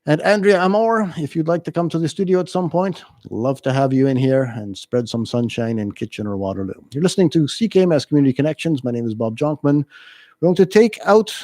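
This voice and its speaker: A man's voice: on the high side, brisk, a little mellow, no echo, clean studio sound. A man hosting a community radio show, casually reading listener emails and introducing songs with frequent ums. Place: radio studio. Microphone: studio microphone.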